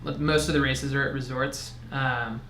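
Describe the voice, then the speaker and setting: A man on a live running stream explains things in a relaxed, plain way during casual chat. His voice sits in an ordinary middle pitch. The room adds a clear echo with a faint hum underneath. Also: unhurried. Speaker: running coach on the team.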